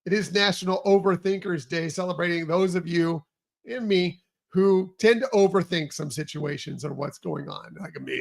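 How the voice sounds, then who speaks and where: A man's voice: fairly high pitch, creaky. A man hosting a morning podcast in upbeat, rambling casual chat. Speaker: podcast host.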